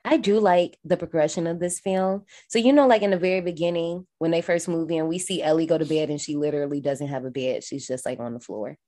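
A woman co-hosting a podcast in casual chat, recapping a film in an animated, profane way. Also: deep voice, brisk, few pauses. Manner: animated, profane, acts out characters. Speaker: podcast co-host.

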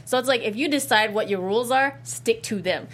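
A woman's voice: fairly high pitch, a little fast, fairly bright tone. A woman co-hosting a casual podcast chat, rambling with lots of fillers and restarts. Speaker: podcast co-host.

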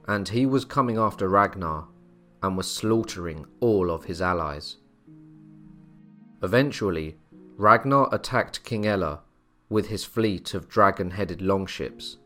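A man giving a measured, scripted narration of a historical tale. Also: low voice. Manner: measured, storytelling delivery. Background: soft music.

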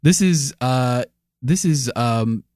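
A man co-hosting a casual podcast, explaining history with many halting fillers and frequent laughs. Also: mid-range voice, lively intonation, darkish tone, no room sound, clean studio sound. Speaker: podcast co-host presenting the history research.

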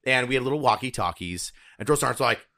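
A man guesting on a podcast fires off his army stories at a rapid clip. His voice has a bright, forceful edge. When the story peaks he jumps up high and loud. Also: dry recording, clean studio sound. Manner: fast animated storytelling, swings up loud and high when excited. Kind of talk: casual chat.

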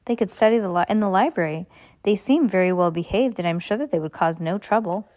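A woman's voice: medium pitch, fast talker, a little mellow, natural voice. A woman voicing a nervous, kindly male business partner in a storybook reading, meek and placating.

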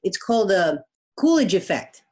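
A woman's voice: mid-range voice, sing-song, normal speed, darkish tone. A woman guest, a biology professor, explaining things in casual conversation with everyday examples. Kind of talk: conversational interview.

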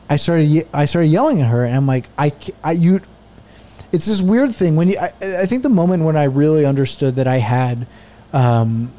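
A man's voice: a little high, warm tone. A man in his thirties, a podcast guest, telling a rambling, profane story in casual chat.

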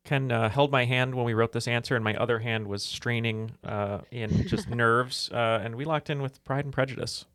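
A man's voice: medium pitch, fairly even intonation, moderate pace, hardly any pauses, fairly bright tone, no echo, studio quality. A man playing along on a trivia podcast, chatty and self-deprecating. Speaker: quiz contestant. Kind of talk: casual chat.

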